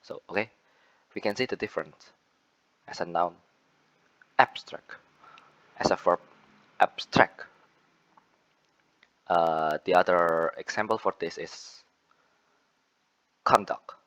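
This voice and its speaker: A man's voice: deep voice, moderate pace, pauses often, a bit bright, lo-fi sound. A young man with an Indonesian accent giving a student class presentation on word stress, repeating example words and correcting himself as he goes. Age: young adult.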